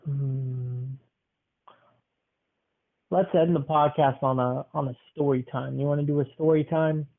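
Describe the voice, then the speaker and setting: A man's voice: on the high side, steady tone, creaky. A young man hosting a casual podcast, playfully asking his grandmother questions. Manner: playful, asks quick questions. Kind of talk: casual chat. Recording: tinny phone-like sound.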